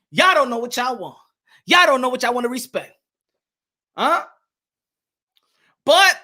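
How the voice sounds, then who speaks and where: A man hosting a boxing vlog with a high, bright, ringing voice. He delivers loud, energetic commentary, shouts out viewers and drops in Spanish phrases. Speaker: boxing channel host.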